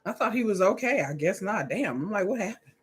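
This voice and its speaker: A woman's voice: medium pitch, expressive, brisk, husky. A woman hosting a live watch-along, chatting candidly, swearing freely and laughing often. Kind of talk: casual reaction commentary.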